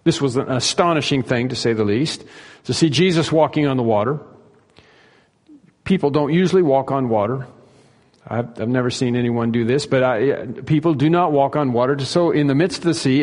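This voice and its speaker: Earnest preacher in a reverberant hall. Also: male voice, mid-range voice, brisk, a little mellow. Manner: earnest, repeats key phrases for emphasis. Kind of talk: expository sermon. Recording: long reverb of a large hall.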